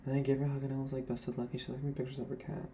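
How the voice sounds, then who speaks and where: A man's voice: mid-range voice, monotone, rapid-fire, mellow. Young guy venting to camera, sassy and blunt, faint hum behind him. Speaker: former retail cosmetics worker. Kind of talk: candid rant to camera.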